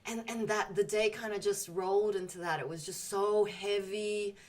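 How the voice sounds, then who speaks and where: A woman's voice: medium pitch, fairly even intonation, normal speed, darkish tone, recorded from a distance. A woman in casual spiritual group chat, telling emotional stories animatedly and swearing freely.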